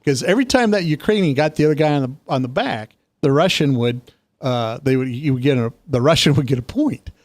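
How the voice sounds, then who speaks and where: A man co-hosting a casual political talk show, telling stories with lively emphasis. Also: no room sound. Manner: animated storytelling, quick pitch jumps. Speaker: co-host.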